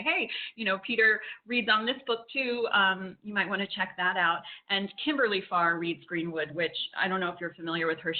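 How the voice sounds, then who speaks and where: A woman co-hosting a casual book chat, talking in a chatty way with lots of 'like' and 'um', over a video call. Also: medium pitch. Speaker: library marketing co-host. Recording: tinny video call audio.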